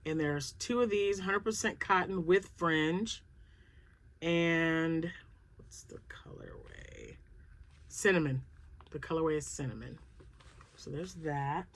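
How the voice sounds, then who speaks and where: A woman hosting a crochet channel, chatting casually and thinking aloud as she excitedly unboxes yarn. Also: low voice, unhurried.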